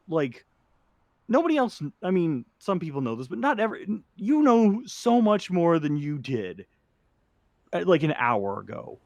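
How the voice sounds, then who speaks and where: A man's voice: mid-range voice, no room sound, lo-fi sound, close to an everyday voice. A man voicing a nervous, scheming male drug inventor who stammers and rambles in a tabletop game.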